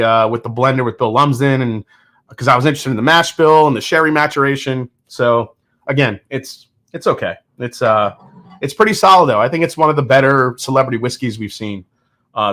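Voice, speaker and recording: A man's voice: mid-range voice, pushed and bright. A man hosting a live whiskey-tasting stream, chatting casually and joking as he answers viewer comments. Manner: candid, joking, with frequent restarts and laughs.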